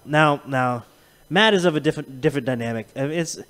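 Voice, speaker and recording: A man hosting a podcast, chatting casually and profanely, telling animated stories and laughing often. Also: medium pitch, fast, clean tone. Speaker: podcast host. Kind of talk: casual chat.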